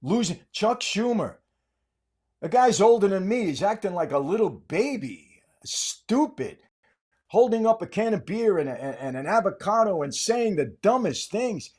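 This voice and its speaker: An older man talks straight to his listeners in a political commentary monologue. He hammers each point with rhetorical questions and says it again and again. His voice sits a little higher than most men's. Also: sing-song, unhurried, darkish tone, slightly rough. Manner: emphatic, repetitive, rhetorical questions. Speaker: podcast host.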